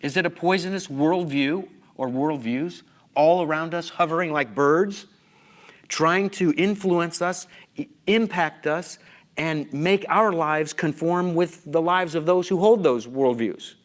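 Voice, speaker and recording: A man's voice: on the high side, a little slow. A man giving a conference lecture, emphatic and full of questions to the audience. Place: conference hall.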